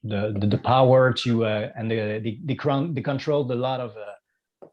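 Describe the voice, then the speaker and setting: A man's voice: medium pitch, fairly even intonation, moderate pace, muffled recording. A man from Quebec with a Quebec French accent, a guest musician in a casual interview, talking hesitantly with many fillers and restarts.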